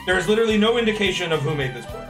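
A man's voice: sits high, animated, racing, loud music behind the voice. A young man on a stream, reading his old school story aloud and laughing at it. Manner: amused, laughing often.

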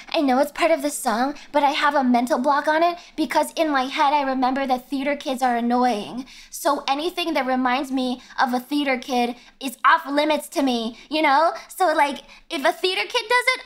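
A young woman with a high, bright voice talks to her stream in a loose, ranting way. She swears freely and keeps breaking into excited yelps mid-thought. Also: normal speed, hardly any pauses. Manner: ranting, blunt, swears a lot. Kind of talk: casual livestream chat.

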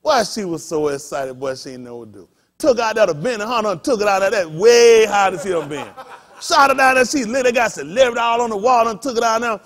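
A man, a pastor, preaching a sermon through folksy personal stories, shouting and laughing as he goes. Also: high voice, lively intonation, fairly quick. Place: congregation hall.

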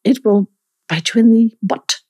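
Husky woman, playful. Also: on the high side, unhurried, dry recording. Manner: expressive, playful, emphatic. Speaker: guest. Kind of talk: casual conversation. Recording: dry home room.

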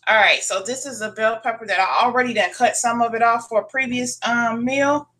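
A woman's voice: on the high side, brisk, background noise. A woman hosting her own cooking vlog from her kitchen, chatting casually to viewers, swearing freely and calling them y'all. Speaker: cooking channel host. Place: home kitchen.

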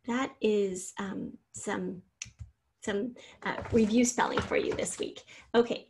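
A woman's voice: medium pitch, gravelly, background noise. A woman teacher giving a spelling lesson, patiently sounding out syllables and spelling words letter by letter.

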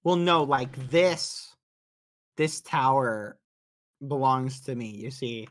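A man giving a rambling tour during a game role-play. He talks haltingly with many fillers and breaks into high, shocked yelps when flustered. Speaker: streamer showing his base. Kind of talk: casual role-play chat while gaming.

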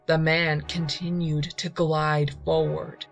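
A woman narrates a ghost story in an unhurried, measured way. Her voice sits low with a gravelly fry, and faint music plays underneath. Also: level tone. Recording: reading over faint music.

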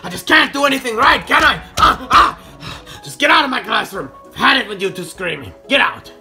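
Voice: high voice, animated, quick pace, bright, forceful tone, faint music behind, heavily acted. A performer voicing a short-tempered old male teacher in a plush puppet comedy, blustering and threatening. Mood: furious.

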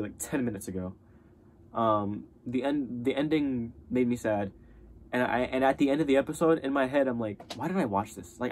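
A man's voice: medium pitch, darkish tone, a little hiss or hum. A young man giving a casual spoken review of a TV show, rambling with many fillers and restarts.

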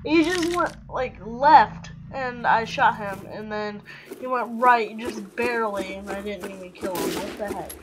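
A woman's voice: mid-range voice, fairly even intonation, a little slow, heavy background noise. A young woman commenting on her own online match, flustered and exclaiming as things go wrong, a little out of breath. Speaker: gaming video host. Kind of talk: casual gameplay commentary.

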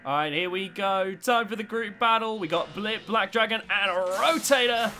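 A man giving excitable commentary as he plays a robot combat video game, swinging between tense muttering and loud cheering. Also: high-pitched, normal speed, faint music behind. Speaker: gaming YouTuber.

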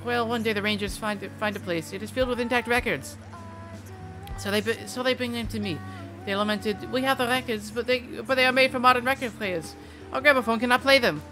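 A game streamer doing a put-on French accent to voice a stylish, self-proud cafe owner, telling the story slowly and grandly. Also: mid-range voice, pitched above the performer's own voice, lightly acted. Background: game music.

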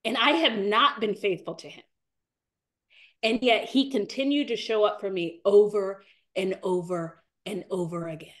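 A woman's voice: normal speed, a bit bright. Woman, 40s, podcast guest; earnest testimony, near tears, phrases repeated for weight. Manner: earnest, repeats phrases, rises in pitch as she grows tearful. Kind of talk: emotional faith testimony.

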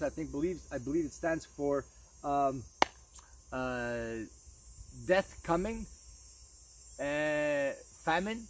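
A man's voice: on the high side, distant mic, slight background noise, low-quality recording. A man walking through his vegetable garden, talking casually to viewers and drifting into preachy warnings, calling them folks. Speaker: vlogger gardener. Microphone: camera on tripod outdoors.

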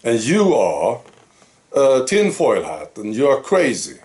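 Man, Swedish accent, unhurried delivery, sarcastic commentary, laughs at own jokes. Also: mid-range voice, wildly swooping pitch, a little mellow. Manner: mocking, amused, laughs at his own points. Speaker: commentary channel host. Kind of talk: casual monologue commentary.

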